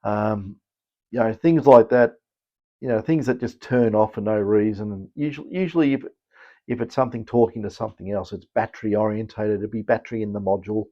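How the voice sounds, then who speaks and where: An Australian man gives a casual technical explanation in a lowish voice. He rambles, with frequent fillers and restarts. The recording sounds dull and lo-fi. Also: fairly quick. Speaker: electronics technician and channel host.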